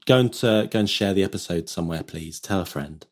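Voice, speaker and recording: A man's voice: deep voice, brisk. A man co-hosting a podcast who is also a trumpet player, chatting casually with dry, self-mocking humor. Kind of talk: casual chat.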